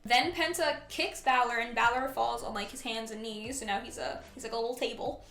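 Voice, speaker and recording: A woman giving a chatty, excitable recap of a wrestling match, with frequent fillers and giggles. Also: on the high side, fairly quick. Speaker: wrestling commentary vlogger. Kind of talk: casual recap commentary. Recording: echoey room with faint music.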